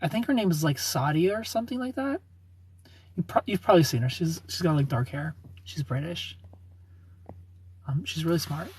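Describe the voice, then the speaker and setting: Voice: medium pitch, moderate pace, pauses often, darkish tone, slightly rough. A livestreamer in their thirties answering chat comments in a chatty, opinionated way and laughing often. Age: 30s.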